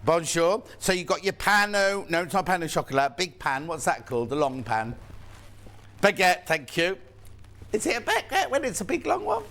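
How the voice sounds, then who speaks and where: A chatty, playful man hosts a live TV shopping show, his voice sitting a little higher than most men's. He chats easily and reads out viewers' messages between product pitches. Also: big pitch swings, normal speed, creaky, fairly bright tone. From United Kingdom. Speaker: shopping channel presenter. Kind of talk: live TV sales presentation.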